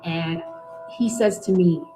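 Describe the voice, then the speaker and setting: A middle-aged woman giving a candid, halting personal testimony as a guest, often restarting her sentences. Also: on the low side, rough recording. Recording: music playing behind.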